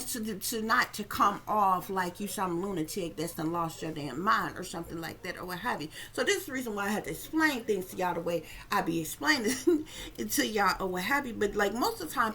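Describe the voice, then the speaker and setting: A woman's voice: mid-range voice, gravelly, a bit bright, a little hiss or hum. A woman psychic reader talking casually and bluntly to her viewers, swearing often and checking in with asides as she tells a story.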